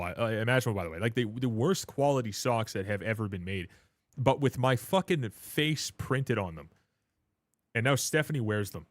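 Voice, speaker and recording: A man's voice: medium pitch, dry recording. A man of twenty-seven, hosting a livestream, chatting casually in a joking, rambling, self-mocking way. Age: 20s. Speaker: livestream host.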